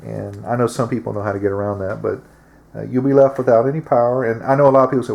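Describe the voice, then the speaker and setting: A man's voice: mid-range voice, brisk, vocal fry, darkish tone. A man hosting his own show, talking casually in a plain-spoken, drawling way with frequent fillers. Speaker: host. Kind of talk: casual monologue to camera.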